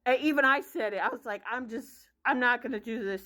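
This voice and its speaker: A woman's voice: fairly high pitch, quick pace, bright, forceful tone. A woman in her thirties telling a story as a casual vlog rant, blunt and profane, sounding exasperated. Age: 30s. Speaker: vlogger.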